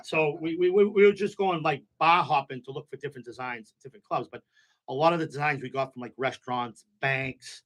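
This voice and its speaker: A man's voice: medium pitch, fairly quick. Middle-aged man, nightclub owner guest, chatty storyteller who does the voices in his anecdotes. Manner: animated storyteller, acts out quotes, repeats "you know what I'm saying". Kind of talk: casual storytelling interview.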